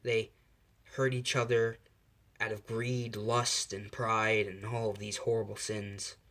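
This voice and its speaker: A man's voice: on the low side, flat delivery, takes it slowly, fairly bright tone. Mael, a scornful angel, as a man voices him. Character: scornful male angel, disdainful of humans.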